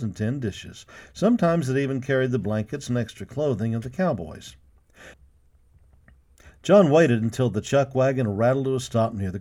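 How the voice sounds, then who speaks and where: A man reads a western children's story aloud with a warm, mellow tone. He narrates at an ordinary pitch and gives the characters voices as he goes. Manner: lively, voicing each character.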